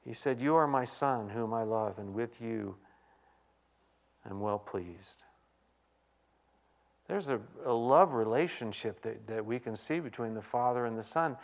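Pastor guy preaching, gets loud then drops way down soft, reads bible verses, talks to the congregation. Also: mid-range voice, unhurried, creaky, long pauses. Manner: dynamic preaching, swinging from loud exclamations to hushed quiet. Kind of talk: sermon.

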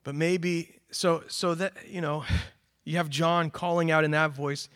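Earnest male preacher, higher voice. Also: steady tone, a little slow, clear, resonant tone. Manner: earnest, rising to emphatic calls then dropping quiet. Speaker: pastor. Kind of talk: sermon.

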